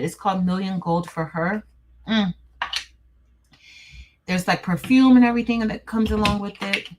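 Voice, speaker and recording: A woman's voice: mid-range voice, steady tone, moderate pace, pauses often, a little hiss or hum, rough recording. A woman hosting a casual livestream, chatting with her viewers, calling them "y'all" and laughing often. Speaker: livestream host.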